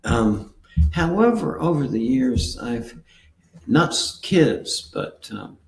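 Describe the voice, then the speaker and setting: Slow, low-voiced man in echoey room. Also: sing-song, gravelly, darkish tone. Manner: halting, trailing off. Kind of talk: panel discussion.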